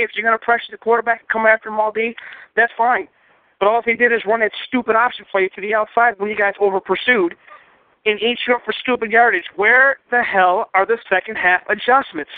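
A man's voice: high-pitched, dry recording. A man phoning in a frustrated sports rant, firing pointed rhetorical questions. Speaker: caller. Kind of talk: fan voicemail rant. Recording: dry tinny phone line.

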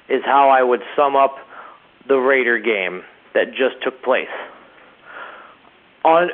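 A man calling in to a radio show, ranting with disgust and heavy profanity. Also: medium pitch. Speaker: caller. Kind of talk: ranting voicemail. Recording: tinny phone line.

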